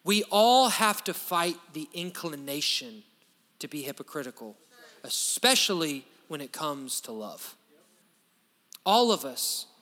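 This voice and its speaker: Animated pastor in a reverberant hall. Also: male voice, fairly high pitch. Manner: animated, conversational preaching with asides. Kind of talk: sermon.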